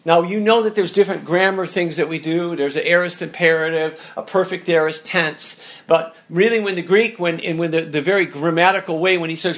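Male pastor, fairly high gravelly voice, emphatic sermon delivery with restarts. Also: fairly quick, few pauses, fairly bright tone. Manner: emphatic, repeats and restarts words.

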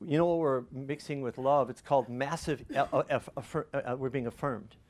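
Male pastor, middle-aged, chatty storytelling sermon, mid-pitched voice. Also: fairly quick. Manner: conversational, animated storytelling with restarts.

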